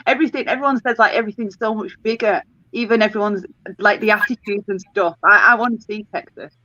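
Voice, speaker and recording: A woman asks eager, chatty questions in a casual call. Her voice is bright and fairly high, but the audio is dull and lo-fi, with no room sound. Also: quick pace, no room sound. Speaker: co-host. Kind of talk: casual chat.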